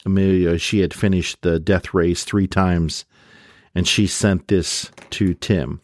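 A man with a very low voice talks through a book in a relaxed, casual way. He reads passages aloud and frames them with "quote" and "unquote". The sound is dry and close, with no room echo. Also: slow pace. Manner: relaxed, with frequent fillers and restarts. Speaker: book reviewer.

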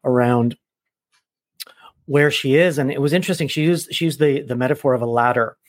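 A man's voice: medium pitch, fairly quick, dry recording. A man who works as a coach, talking earnestly on a podcast and often repeating words as he gathers his thoughts. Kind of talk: casual podcast chat.

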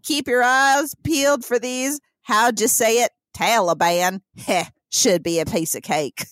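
A woman with a Missouri accent voicing a swaggering male militia leader with a gruff, folksy drawl, read aloud from a story. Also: fairly high pitch, a little slow, a bit bright, no room sound, studio quality, pitched above the performer's own voice.

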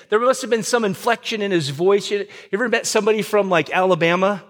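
A man's voice: fast, few pauses. Conversational male pastor preaching. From Southern California. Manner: conversational, many fillers and restarts; acts out quoted lines with pitch swings. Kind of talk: sermon.

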